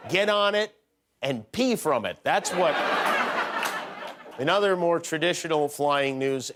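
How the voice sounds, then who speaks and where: A man's voice: a little high, slight background noise. Chuckling man delivering a comedy monologue. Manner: joking, chuckles at his own punchlines. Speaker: late-night talk show host.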